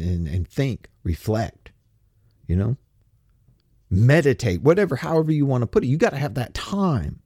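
A man's voice: medium pitch, a little mellow, slightly rough, no echo, studio quality. Blunt folksy older man. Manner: blunt, folksy and profane, with rhetorical questions. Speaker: podcast host. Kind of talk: casual rant.

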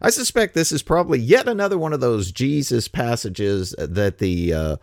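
Male preacher, casual sermon, wry, lively swooping pitch, dry close sound. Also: normal speed, gravelly, dry recording. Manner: animated, wry, mixes scripture with slangy paraphrase.

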